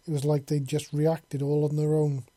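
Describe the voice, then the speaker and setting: A storybook narrator reads in a flat, level way with little pitch movement, at a moderate pace. The voice is husky and dark, recorded close and dry, and the delivery stays steady and blunt, coarse words and all.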